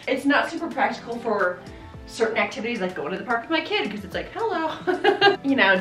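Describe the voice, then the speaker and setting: Bubbly and often laughing, a fashion vlogger in her thirties chats casually about clothes during a try-on haul. Her mid-range voice sounds pushed and bright, and the recording has an echoey room with faint background music.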